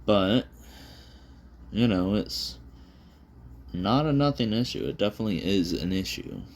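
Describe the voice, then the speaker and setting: A man with a very low voice talks casually while he draws, rambling through fillers, swearing and putting himself down. He speaks into a phone propped on his desk. A faint hiss sits under the recording. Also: lively intonation, unhurried. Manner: self-deprecating, rambling, frequent fillers and swearing. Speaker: vlogger drawing on camera.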